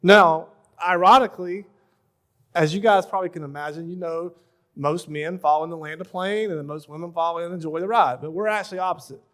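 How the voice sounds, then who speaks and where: A man in his thirties giving a relaxed, joking talk at a church marriage conference, full of everyday stories. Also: fairly high pitch, brisk. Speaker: pastor leading a marriage session.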